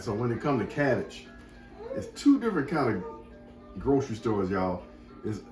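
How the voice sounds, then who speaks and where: A man runs a laid-back cooking demonstration from his kitchen, chatting folksily to his viewers as he works. His voice is warm and mellow, and faint music plays underneath. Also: medium pitch. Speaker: cooking show host.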